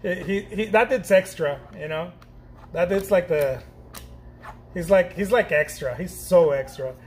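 A middle-aged man from Mexico teaching painting in a casual, excitable, slangy way, laughing often and repeating himself. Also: high voice, unhurried, slight background noise. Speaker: painting instructor. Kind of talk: casual chat while painting.

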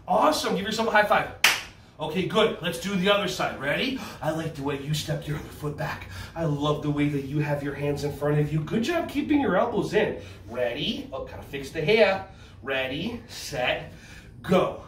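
A man leading a lively children's karate class on video, cheering the kids on in a sing-song voice. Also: high voice, moderate pace, roomy sound, distant mic, slight background noise. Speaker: kids' karate and yoga instructor. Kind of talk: energetic kids' class on video.

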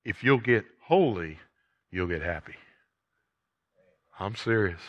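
An older man preaching a sermon as a pastor, folksy and emphatic, rising loud and dropping low. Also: animated, takes it slowly, muffled recording.

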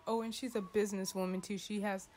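Speaking fast in a level, darkish voice with a slight hiss or hum, this female gaming YouTuber keeps up chatty, playful let's-play commentary at home. Now and then she gives her sims' thoughts a squeaky voice.

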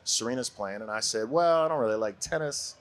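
A man in his forties from Brooklyn, a podcast guest telling a story in a casual, animated way and laughing often. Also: mid-range voice, fairly quick. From Brooklyn, USA.

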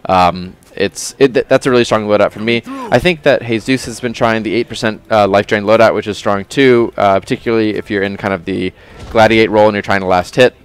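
A man with a low, smooth and resonant voice walks through a character's build on a game studio's livestream. He talks in a relaxed, chatty way, full of fillers and restarts as he explains his choices. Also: fairly quick. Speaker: game developer showing a new character. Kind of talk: casual livestream gameplay talk. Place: studio at a game company, live stream.

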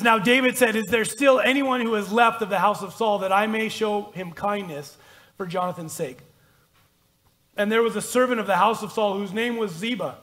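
A man's voice: high-pitched, a bit bright. A man pastor preaching a conversational, self-deprecating sermon and reading scripture aloud in a church. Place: church sanctuary.

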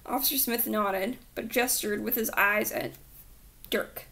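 A woman's voice: medium pitch, measured pace, gravelly, pushed and bright, slight background noise. A woman reading a children's book aloud with dramatic storytelling that dips into whispers.

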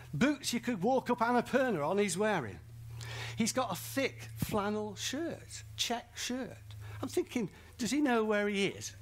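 A man from northern England with a Northern English accent, preaching a sermon at a festival and telling a comic story. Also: high voice. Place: large festival tent or hall.

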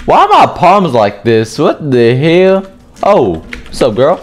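A young man giving loud, profane gameplay commentary, trash-talking and often shouting. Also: fairly high pitch, wildly swooping pitch, takes it slowly, slight background noise. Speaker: gamer streaming gameplay.

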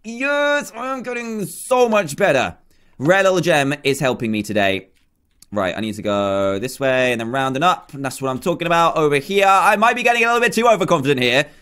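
A young gaming YouTuber commentates his own gameplay in a medium-pitched, slightly bright voice. He's chatty and self-deprecating, and gets flustered easily.

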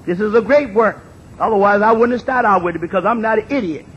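An older man in his sixties addresses an audience in a strikingly high voice. He talks emphatically, repeats his phrases and rises to shouts. The recording is dull and lo-fi, with a faint rumble underneath. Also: fast talker. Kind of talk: impassioned public talk.

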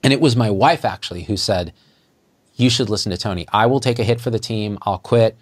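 A middle-aged man, a physician guest, telling a story in conversation and acting out the dialogue with lively jumps in his voice. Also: brisk. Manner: animated, acts out quoted dialogue with jumps in pitch.

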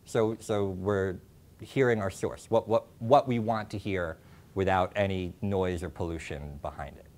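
A man's voice: low voice, darkish tone, slight background noise. Young man lecturing with many ums. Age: young adult. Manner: halting, many ums and restarts. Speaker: workshop presenter. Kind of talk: classroom lecture. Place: classroom. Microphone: lapel mic.

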